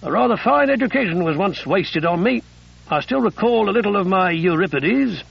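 A man doing a smug refined gentleman. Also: high-pitched, lively intonation, moderate pace, vocal fry, slightly rough, highs cut off, pitched above the performer's own voice, exaggerated voice. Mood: self-assured. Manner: self-assured, refined. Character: smug educated English gentleman.

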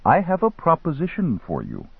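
Brief: man playing a smooth, menacing merchant sorcerer, pitched up, over a tinny phone line. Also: huge pitch swings, moderate pace, dry recording, heavily acted. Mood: calm. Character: calm, scheming male merchant sorcerer.

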